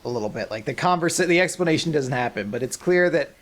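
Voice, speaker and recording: Man, podcast co-host, casual joking chat, swears, lively pitch. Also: quick pace. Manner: jokey, swears casually, riffs on scenes.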